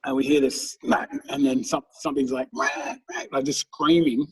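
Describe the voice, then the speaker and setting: A man's voice: mid-range voice, fairly even intonation, normal speed, slightly rough, recorded from a distance, poor audio. Rambling, swearing man telling stories. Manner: rambling storyteller, swears casually. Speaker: podcast co-host. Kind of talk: casual chat.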